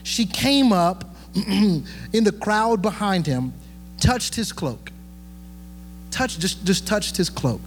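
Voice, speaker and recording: A man's voice: sits high, animated, takes it slowly, long pauses, in a large hall, slight background noise. A young man preaching a sermon as pastor, conversational and joking, with many fillers and restarts.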